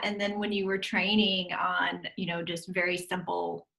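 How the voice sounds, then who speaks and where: Gravelly bright woman host. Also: fairly low pitch, flat delivery, normal speed, slight background noise, poor audio. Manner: brief, encouraging questions. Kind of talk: interview host.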